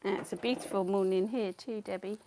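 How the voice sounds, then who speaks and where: A woman's voice: medium pitch, steady tone, fairly quick, dark tone, slight background noise. Giggly woman live-streaming her painting. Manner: chatty, giggly, greets viewers by name. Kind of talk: casual live-stream chat. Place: home. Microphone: clip-on mic.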